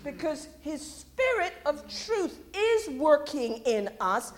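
A woman preaching a sermon, moving from quiet, musing reflection to loud, impassioned declarations. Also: high voice, very animated, slow.

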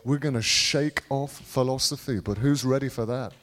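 At a normal speed, a British man preaches charismatically, rambling and echoing his own phrases. His delivery dips into low musing and then bursts into sudden shouts.

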